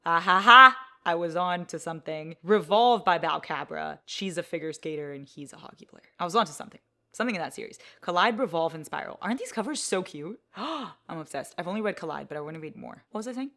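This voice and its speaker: Bright-voiced chatty woman book vlogger. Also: fairly low pitch, fast talker. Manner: chatty and rambling, with excited gasps and cursing. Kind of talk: casual vlog chat.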